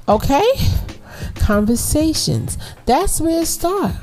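Woman, podcast host, from New York, warm tone, preachy and animated, casual slang. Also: mid-range voice, moderate pace. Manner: animated, preachy, talks straight to the audience in slang. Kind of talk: casual advice talk to listeners.

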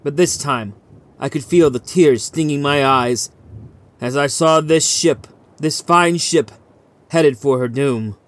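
Man reading a dramatic sea story. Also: on the high side. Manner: measured, vivid storytelling. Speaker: audiobook reader.

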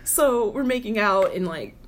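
A woman in casual podcast chat, telling a dating story in an animated way and mimicking the voices of the people in it. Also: mid-range voice, normal speed. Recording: clear background noise.

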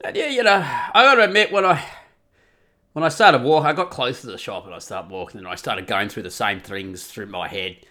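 A man's voice: mid-range voice, brisk. A middle-aged man ranting profanely through a comic podcast monologue. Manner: sweary, ranting, animated. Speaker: podcast host.

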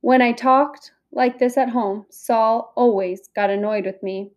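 A woman reading a first-person storybook aloud in a slow, careful way. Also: a little high, steady tone, a little mellow, highs cut off. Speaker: audiobook reader.

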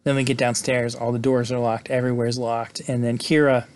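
A man giving a casual, excited movie recap, peppering his talk with "like" and "right?". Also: medium pitch, brisk. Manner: chatty, excited, fills with "like" and "right?". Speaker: movie reviewer.

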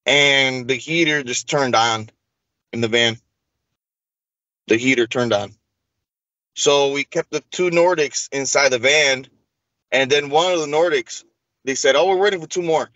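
A man's voice: medium pitch, unhurried, long pauses, dry recording. Man animatedly telling a story, lo-fi. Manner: animated, acts out quoted dialogue. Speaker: interview guest. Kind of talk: casual storytelling.

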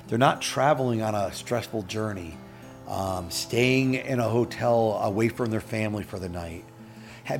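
A man, a motel owner, talking upbeat and casual in an interview with many fillers. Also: on the low side.

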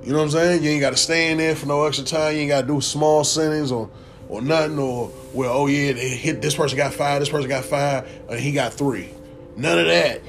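A young man ranting casually to camera as a vlogger, animated, profane and rambling. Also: a little high, fairly quick, soft background music.

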